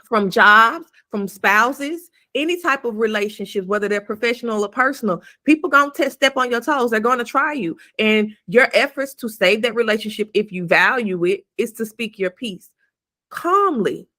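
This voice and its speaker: A woman's voice: on the high side, animated, normal speed, bright, forceful tone. A woman co-hosting a podcast, giving blunt, emphatic advice in casual talk and swearing freely. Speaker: podcast co-host.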